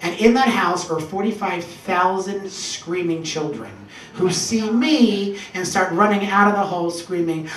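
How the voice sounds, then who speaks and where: A man performing a stand-up comedy set, telling stories animatedly and shouting punchlines in put-on voices. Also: high-pitched, unhurried, a little hiss or hum. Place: small comedy club stage. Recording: roomy club sound from a distance with audience. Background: audience laughter.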